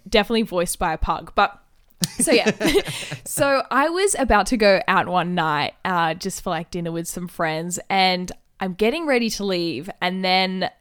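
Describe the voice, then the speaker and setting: A young woman, co-hosting a podcast and telling a story in a chatty, animated way, often breaking into giggles. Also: on the low side, moderate pace, smooth. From Australia. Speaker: podcast co-host. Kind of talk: casual chat storytelling.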